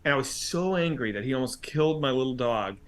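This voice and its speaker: A man casually telling a story on a comedy podcast, swearing often and acting out shouted quotes. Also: medium pitch, lively intonation, fast.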